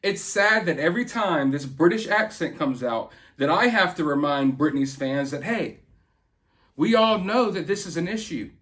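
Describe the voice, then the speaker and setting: A high-voiced man hosts a casual commentary, rambling in an earnest, opinionated manner. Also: animated, moderate pace, a bit bright. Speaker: host.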